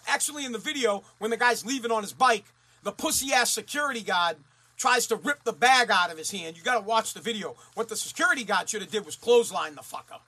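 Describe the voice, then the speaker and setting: High, bright-voiced ranting radio man. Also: expressive, quick pace, slightly rough. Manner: blunt, profane and fired up. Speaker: radio host. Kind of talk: ranting talk radio monologue.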